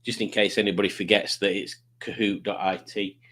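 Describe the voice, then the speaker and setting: A man's voice: on the low side, flat delivery, fairly quick, bright, forceful tone. A man hosting a live quiz stream in casual chat, rambling and self-mocking as he reads out the chat.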